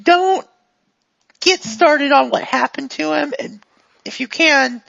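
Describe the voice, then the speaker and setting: A woman voicing a brisk female technician who gives quick, matter-of-fact warnings. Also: sits high, gravelly, fairly bright tone, no echo, voice pushed up, full character voice. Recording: dull lo-fi recording.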